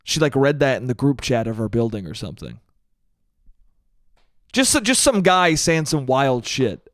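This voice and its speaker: A man's voice: medium pitch, sing-song, unhurried, no echo, studio quality. Rambling man telling a funny story. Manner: rambling, laughs at own stories, says "dude" a lot. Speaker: podcast host. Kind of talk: solo comedic storytelling.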